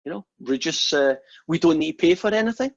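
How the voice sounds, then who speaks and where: A math teacher with a brisk, fairly high voice and lively intonation gives a casual online lecture over a video call. He's chatty and joking, with many fillers and restarts, and the call audio is dull and lo-fi.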